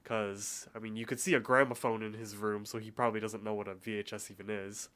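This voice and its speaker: A man's voice: on the low side, flat delivery, fast talker, fairly bright tone. A man co-hosting a podcast, casually recapping a cartoon episode in a chatty way and laughing easily. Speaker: podcast co-host.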